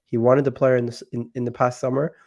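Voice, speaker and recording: A man's voice: mid-range voice, level tone, quick pace, darkish tone. Sick, nasal-sounding man hosting football chat. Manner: hesitant, many restarts. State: sick, nasal and deeper than usual. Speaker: football channel host.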